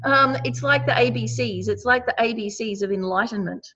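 A woman's voice: a little high, normal speed, sharp tone, husky, highs cut off. A woman, a Buddhist meditation teacher, tells a personal story earnestly over a video call, often restarting her sentences. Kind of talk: online teaching talk.

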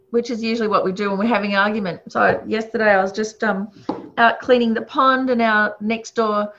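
A woman's voice: medium pitch, a bit bright. A woman giving a casual, thoughtful teaching talk, with fillers and chuckles. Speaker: speaker on ethics. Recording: muffled lo-fi recording.

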